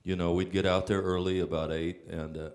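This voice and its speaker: A man's voice: deep voice, level tone, fairly quick, darkish tone. A man, a songwriter, telling casual rambling stories on stage with frequent fillers and restarts. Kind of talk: casual anecdotal storytelling.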